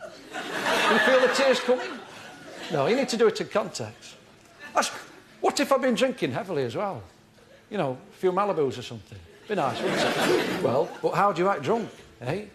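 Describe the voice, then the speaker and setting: John Shuttleworth, a fussy tutor. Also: male voice, high voice, noisy background. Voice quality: deadpan, pedantic, self-important. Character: earnest, fussy middle-aged male amateur acting tutor. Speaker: comedy character performer. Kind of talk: live stand-up character comedy. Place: television studio before a live audience. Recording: live TV studio with audience laughter.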